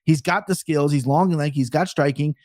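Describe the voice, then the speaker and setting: A man talking as a betting analyst guest on a podcast, giving fight picks in a fast, talkative, self-mocking way. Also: a little high, darkish tone, no echo, clean studio sound.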